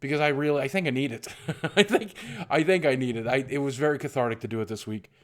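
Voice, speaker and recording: Speaking quickly at a medium pitch, this middle-aged man from southwestern Virginia records a YouTube vlog. The monologue is frank, rambling and self-deprecating, with many false starts.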